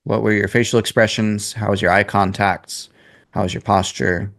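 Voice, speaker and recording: A man's voice: lowish voice, level tone, moderate pace, a bit bright. A man in his twenties coaching a sales class in a casual, blunt way, swearing freely. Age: 20s.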